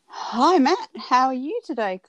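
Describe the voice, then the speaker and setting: Slow, hesitant woman podcast host. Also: sits high, very animated, dry recording, dull audio. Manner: hesitant, lots of ums, giggly. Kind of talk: casual chat.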